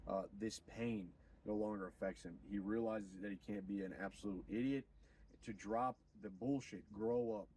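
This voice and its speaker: A man streaming, retelling a story in an animated, profane, preachy way. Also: on the low side, normal speed, recorded from a distance, slight background noise, rough recording. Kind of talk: casual storytelling on a livestream.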